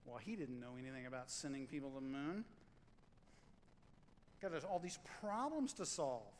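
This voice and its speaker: A middle-aged man preaching a sermon as pastor, lively and joking, repeating lines for emphasis. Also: medium pitch, normal speed. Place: church sanctuary. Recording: long hall reverb, faint room noise.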